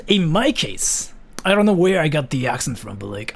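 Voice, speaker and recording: A man from Japan talks casually to his chat, loose and full of fillers. His voice is slightly husky and his pitch swings widely as he rambles. He sounds easygoing and unscripted. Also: a little fast. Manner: loose and rambling, many fillers, lively ups and downs. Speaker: streamer answering chat. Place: VR chat room.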